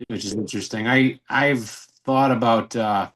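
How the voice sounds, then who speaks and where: A man's voice: medium pitch, normal speed. Thoughtful man musing on a video call. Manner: thoughtful, hesitant, repeats words. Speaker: guest. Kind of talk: casual video call chat.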